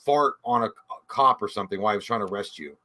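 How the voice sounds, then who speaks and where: Fast-talking swearing man. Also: on the low side. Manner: animated, swearing, acts out voices in jokes. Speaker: podcast co-host. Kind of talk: casual livestream banter.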